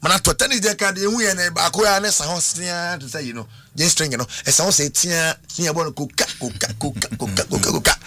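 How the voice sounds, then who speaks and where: Ghanaian male radio host, brisk and bright, playful and code-switching. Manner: lively, switches between languages, jokey, jumps up in pitch. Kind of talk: casual banter and birthday shout-outs.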